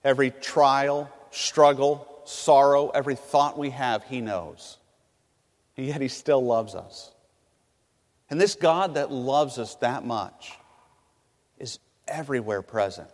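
A man from California preaching a sermon, swinging between loud emphatic bursts and hushed, low phrases. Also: slow pace, in a large hall. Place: large hall on a college campus.

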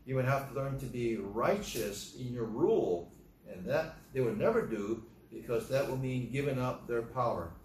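A man's voice: medium pitch, a little mellow, a little hiss or hum. An American man preaching a sermon, reading scripture aloud with emphatic, rising delivery. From United States. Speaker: pastor. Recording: roomy echo, voice far from the mic.

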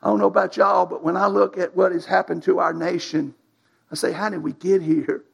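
A man's voice: high-pitched, level tone, fairly quick, creaky, slightly rough. A man preaching a sermon, in a folksy, emphatic style with colloquial grammar.

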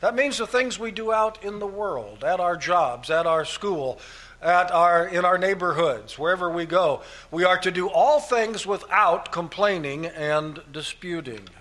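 Man, pastor, sermon, emphatic, repeats phrases, slightly high voice. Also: lively intonation, measured pace, fairly bright tone. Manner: emphatic, repeats key phrases, structured numbered points.

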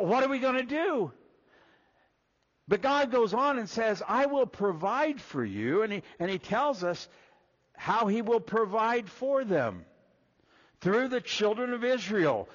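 A man preaching a sermon, folksy and animated, acting out little quoted voices as he walks through Scripture. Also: high voice, lo-fi sound. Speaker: pastor.

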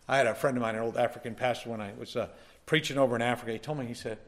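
A man's voice: mid-range voice, fairly even intonation, very fast. A male pastor delivering a sermon, telling a personal story in a folksy way and building up to emphatic preaching.

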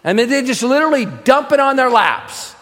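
A man with a very high voice preaching a sermon, his words ringing out with a long hall reverb. He teaches casually, poses questions to the congregation, and pushes his voice up hard to stress key points. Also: sing-song, a little fast, fairly bright tone. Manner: conversational teaching with rhetorical questions; emphatic, raises voice for stress. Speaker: pastor.

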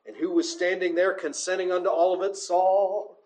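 A man's voice: high voice, flat delivery, moderate pace, a little mellow, roomy sound. A man preaching a sermon as pastor, building to impassioned cries, then leading a closing prayer.

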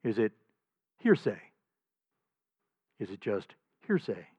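A man doing a calm, probing prisoner. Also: lowish voice, husky, full character voice. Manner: probing, measured questions. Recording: slightly dull lo-fi recording.

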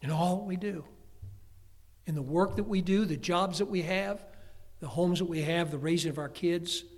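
A man's voice: sits high, moderate pace. Older male preacher in a reverberant hall. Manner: lively storytelling with humorous asides. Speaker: pastor. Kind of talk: sermon.

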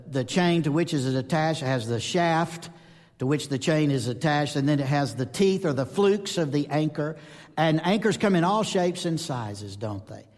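Preacher with a lively sermon voice. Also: male voice, on the high side. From North Georgia, US. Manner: emphatic, asks the audience questions, swings between loud and soft. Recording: long hall reverb.

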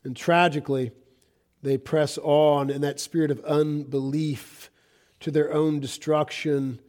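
A man's voice: a little high, little pitch movement, a little slow, a little mellow. A man preaching a sermon, reading scripture aloud and explaining it in an earnest, emphatic manner.

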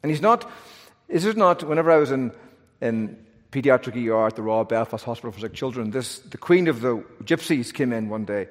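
A male pastor preaching an earnest, animated sermon from the pulpit, with touches of self-deprecating humor. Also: medium pitch, a little fast, few pauses. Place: church sanctuary, pulpit. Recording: long church reverb.

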